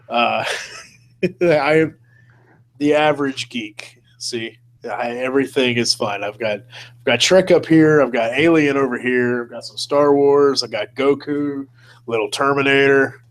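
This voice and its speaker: A man hosts a relaxed live-stream chat in a medium-pitched voice, speaking a bit slowly. He's easygoing, laughs a lot, and keeps dropping "man" and "dude."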